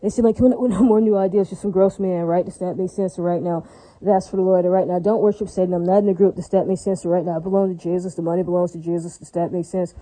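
A woman's voice: lowish voice, flat delivery, fast talker, warm tone, poor audio. A woman talking straight to her viewers in a rambling monologue. She repeats herself and circles back, breaks in with religious asides and keeps checking that her listeners are following. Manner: frequent religious interjections.

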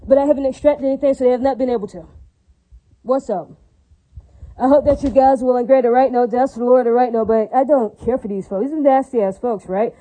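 Woman ranting super fast, high voice, dark mellow tone, lots of swearing and repeating. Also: rough recording. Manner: fast, repetitive, profane and indignant, with religious praise. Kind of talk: unscripted rant.

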